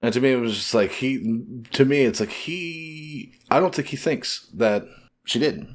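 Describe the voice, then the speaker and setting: A man co-hosting a casual podcast, retelling story scenes and quickly paraphrasing the characters' lines. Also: medium pitch, lively intonation. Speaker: podcast co-host.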